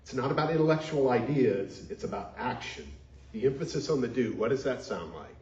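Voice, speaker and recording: Male minister, earnest sermon delivery, mid-pitched, echoey lo-fi sanctuary sound. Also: lively intonation, fairly quick, a little mellow. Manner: earnest, leads call-and-response. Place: church sanctuary. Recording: dull echoey sanctuary recording.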